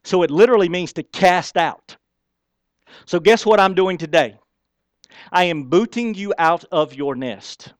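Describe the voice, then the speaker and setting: A man's voice: sits high, measured pace, no room sound, studio quality. A man who is a pastor preaching a sermon in a folksy, emphatic way with casual slang.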